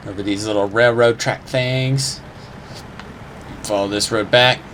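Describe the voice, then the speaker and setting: A man's voice: lowish voice, fairly even intonation, a little slow, a bit bright, a little hiss or hum. A young man chatting casually over his gameplay, rambling and unsure, swearing now and then and humming little sound effects. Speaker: gamer.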